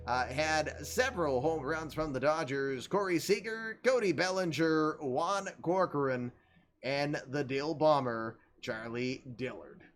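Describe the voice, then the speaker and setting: A man's voice: a little high, fairly bright tone. A man hosting a casual recap of an online baseball league, tired and yawning, chatty and laughing at his own jokes. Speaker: host reading online league baseball results. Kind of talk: casual game recap commentary.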